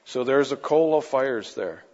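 A man's voice: medium pitch, expressive, unhurried, a little mellow. A man preaching a sermon with passion, pressing his listeners with rhetorical questions. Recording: echoey hall, dull lo-fi sound.

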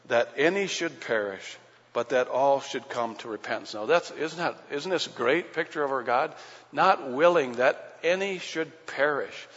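A man's voice: on the high side, a bit bright. A man preaching a sermon in a folksy, plain-spoken way, full of rhetorical questions and everyday comparisons. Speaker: pastor. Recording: dull lo-fi recording in a reverberant hall.

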